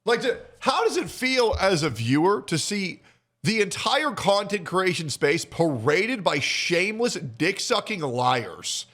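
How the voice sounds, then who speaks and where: A man's voice: sits high, sing-song, a little slow, a bit bright. Ranting streamer man, swings all over. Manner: ranting, crude, exasperated. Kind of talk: reacting to a video.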